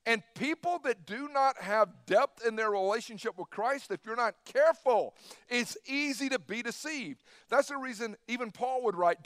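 A man preaching a sermon in an emphatic style, switching between loud bursts and quiet, hushed asides. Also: very high voice, normal speed, clear, resonant tone, no room sound, clean studio sound. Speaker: pastor.

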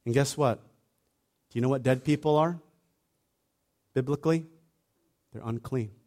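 A man preaching a sermon in a conversational, animated way, acting out little asides as he retells the story. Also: medium pitch, unhurried.

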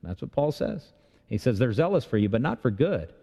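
A man's voice: mid-range voice, sing-song, fairly quick, vocal fry, warm tone, husky. A man preaching a sermon as pastor, talking in a conversational way with rhetorical questions and touches of humor. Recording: long reverb of a large hall.

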